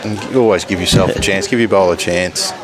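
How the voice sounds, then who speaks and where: Male co-commentator, low voice, short expert asides, audible crowd. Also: steady tone, quick pace. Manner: brief, knowledgeable remarks on play. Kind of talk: live sports commentary. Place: outdoors at a bowls club.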